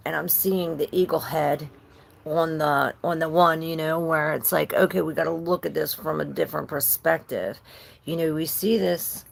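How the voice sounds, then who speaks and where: A woman's voice: low-pitched, creaky, husky. A woman giving a live-streamed tarot reading, rambling and chatting with viewers between cards. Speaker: tarot reader.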